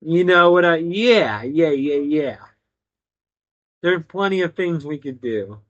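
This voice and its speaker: A man's voice: a little high, animated, slow pace, fairly bright tone, no room sound. A young man co-hosting a casual podcast, laid-back and often ending his lines with "you know". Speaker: podcast co-host. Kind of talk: casual chat. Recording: dull lo-fi sound.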